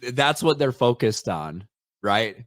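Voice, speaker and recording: A man's voice: mid-range voice, very animated, a little slow, a bit bright, no room sound, clean studio sound. An American man co-hosting a casual commentary chat, matter-of-fact and wry, reading out bits of text. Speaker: co-host.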